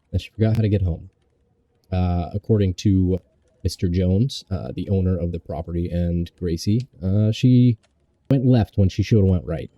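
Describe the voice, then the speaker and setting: Low-voiced male host, mock-serious rambling newscaster with crude asides, dry recording. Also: mellow, no echo. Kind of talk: comedic mock news commentary.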